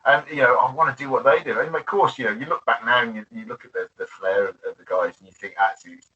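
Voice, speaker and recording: A man's voice: mid-range voice, fairly even intonation, fast, pushed and bright, slightly rough. A man being interviewed about his bartending years, chatty and laughing often, with many restarts. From United Kingdom. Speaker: interview guest, former bartender. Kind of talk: casual interview. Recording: distant, dull lo-fi audio.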